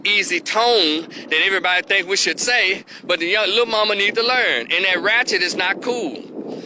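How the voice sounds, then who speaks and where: A man's voice: sits high, moderate pace, pushed and bright, slight background noise, rough recording. A man with a Southern US accent giving an opinion commentary vlog, preachy and emphatic, hammering his points home.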